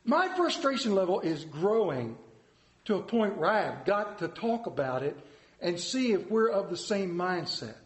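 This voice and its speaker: A man preaching a sermon, telling a folksy story in an animated, storytelling way. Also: high voice, moderate pace, reverberant. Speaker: pastor.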